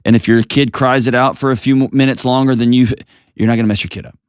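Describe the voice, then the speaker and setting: A middle-aged American man hosting an advice call-in show, talking in a calm, earnest coaching way full of rhetorical questions. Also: medium pitch, quick pace, clean tone, no room sound, clean studio sound. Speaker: host giving advice.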